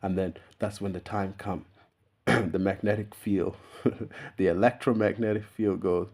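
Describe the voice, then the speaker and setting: A man's voice: sits low, steady tone, measured pace, a little mellow. A young man talking straight to camera in a loose, meandering monologue, laughing and swearing casually as he goes. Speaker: YouTuber. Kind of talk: unscripted rambling monologue.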